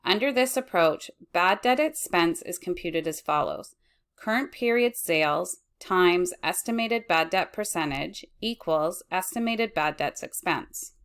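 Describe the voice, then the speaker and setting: A woman teaching accounting, reading lecture slides in a measured way and correcting herself as she goes. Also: lowish voice, expressive, fairly bright tone, clear, resonant tone. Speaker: accounting instructor.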